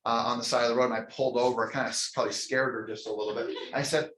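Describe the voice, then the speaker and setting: A man's voice: medium pitch, steady tone, very fast, a bit bright, slight background noise. A man who is a company CEO, telling a funny, self-mocking story from a stage to a live audience, chatty and full of restarts. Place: stage in a large room. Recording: echoey room sound.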